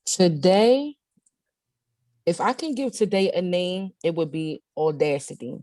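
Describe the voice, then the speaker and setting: A woman's voice: fairly low pitch, a little slow, warm tone, no echo. A woman co-hosting a casual podcast, blunt and emphatic, repeating phrases for effect. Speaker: podcast co-host. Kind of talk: casual chat.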